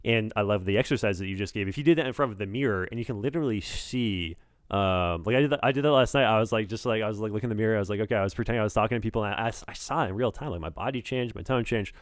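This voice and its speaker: A man's voice: fairly low pitch, very fast, dry recording, clean studio sound. A man co-hosting a talk show in casual chat, who thinks aloud and repeats words while he searches for them. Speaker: co-host.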